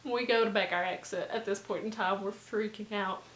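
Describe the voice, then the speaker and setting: Bright-voiced young woman telling a story. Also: mid-range voice, moderate pace, reverberant, slight background noise, poor audio. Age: young adult. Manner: chatty, animated, lots of fillers. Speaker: vlogger. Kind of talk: storytime vlog.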